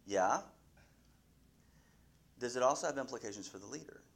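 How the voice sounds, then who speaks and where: A man's voice: mid-range voice, expressive, moderate pace, vocal fry. Questioning male Bible class teacher. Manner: asks the class questions, restarts often.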